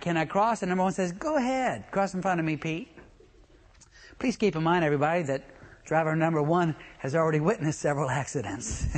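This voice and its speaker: A traffic school instructor giving a comic lecture to a class, telling stories and quizzing the room. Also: medium pitch. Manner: joking, storytelling, quizzes the room.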